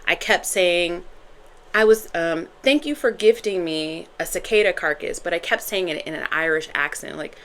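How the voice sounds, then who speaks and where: A woman's voice: on the low side, normal speed, fairly bright tone. A woman giving a casual, chatty tarot reading to her viewers, rambling with self-corrections and bursts of laughter. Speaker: tarot reader.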